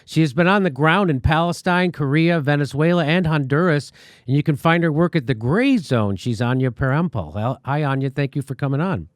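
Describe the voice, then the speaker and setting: A man's voice: fairly high pitch, a little fast, dry recording, studio quality. A man hosting a commentary show, telling a story in a sarcastic, indignant way. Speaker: host. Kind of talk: casual commentary.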